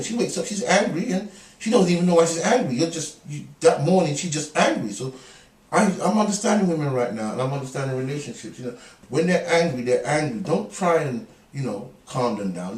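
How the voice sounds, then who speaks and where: With a mid-range, slightly mellow voice, this middle-aged man laughs and jokes his way through rambling stories as a guest in a casual interview. The room is echoey, the mic distant, and a faint ambience sits underneath.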